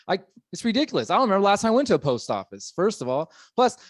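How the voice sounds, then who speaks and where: A man in his thirties works through a stand-up set in a rambling, self-deprecating way, leaning on fillers as he goes. His voice sits a touch high and swings widely in pitch. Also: big pitch swings, rapid-fire, dry recording. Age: 30s. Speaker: stand-up comedian. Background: audience laughing.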